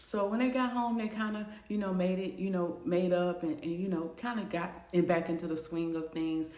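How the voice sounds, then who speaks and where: A woman narrating a storytime video in a casual, animated way. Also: lowish voice, normal speed. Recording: roomy echo.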